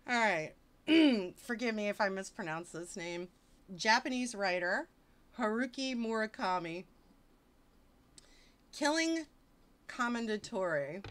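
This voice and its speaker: A woman's voice: mid-range voice, expressive, slow pace, long pauses. Wisecracking woman streamer reading aloud. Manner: wisecracking, mock-exasperated asides. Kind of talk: casual joking livestream reading.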